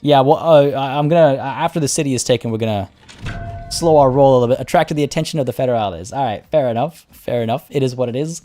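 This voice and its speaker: A man's voice: medium pitch, fast, faint music behind. A man streaming a strategy game with casual, chatty commentary, talking to his units as he plays. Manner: relaxed, chatty, talks to units.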